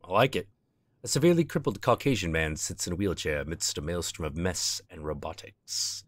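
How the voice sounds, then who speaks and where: A man's voice: low-pitched, expressive, fairly quick, no room sound. A male streamer reading game text aloud with casual asides, on a close desk mic.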